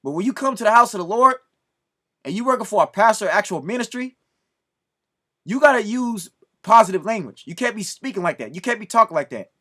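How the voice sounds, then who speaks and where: Casting: high-pitched man, preachy scolding video rant. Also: lively intonation, a little fast, bright, forceful tone. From Southern California. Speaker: video commentator. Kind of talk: ranting commentary to camera.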